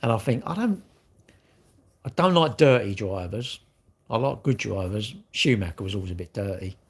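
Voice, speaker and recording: Gravelly man chatting on a livestream. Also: fairly low pitch, expressive, normal speed. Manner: chatty, rambling, blunt banter with slang. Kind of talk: casual livestream chat reading viewer comments.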